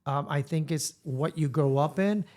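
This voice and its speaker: A podcast co-host, a man with a Spanish accent and a fairly high voice. He tells his stories with animation, drifting between English and Spanish as he talks. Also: normal speed, a little mellow. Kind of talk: casual chat.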